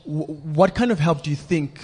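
A man hosting a panel discussion, asking measured, probing questions. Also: a little high, a little mellow, breathy edge. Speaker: host. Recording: reverberant room.

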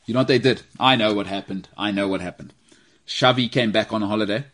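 A South African man hosting a casual football podcast, animated and joking as he tells stories. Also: lowish voice, fast. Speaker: podcast host.

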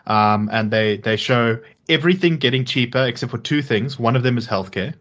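A man co-hosting a podcast, chatting casually with halting restarts and dry sarcasm. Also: medium pitch, a bit bright. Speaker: podcast co-host. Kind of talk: casual political chat.

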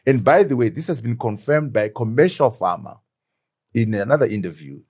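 Expressive and brisk, his medium-pitched voice is a little mellow with a breathy edge. He's a middle-aged former deputy prime minister of Zimbabwe, appearing as an interview guest in an animated political conversation, speaking emphatically and leaning on rhetorical questions.

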